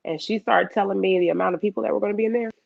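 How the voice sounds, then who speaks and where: A woman guest in a casual chat, telling an animated story and acting out her own past lines. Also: medium pitch, racing, creaky, dry recording, muffled recording.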